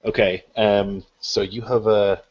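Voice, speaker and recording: A man running a tabletop game as game master, explaining rules in a relaxed, laughing way. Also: on the low side, slow. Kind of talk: narrating a tabletop game over an online call. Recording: dull lo-fi call audio.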